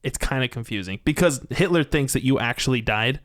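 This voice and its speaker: A man's voice: medium pitch, animated, a little fast, fairly bright tone, no echo, clean studio sound. A man co-hosting a casual podcast chat, crude and joking, often laughing and slipping into silly voices. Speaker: podcast co-host.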